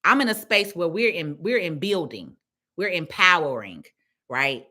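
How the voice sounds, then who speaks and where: A woman's voice: on the low side, big pitch swings, unhurried, bright, forceful tone. A woman with a Chicago accent giving a casual, preachy pep talk on a live stream to her followers, repeating her points for emphasis. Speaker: small business owner speaking live to followers.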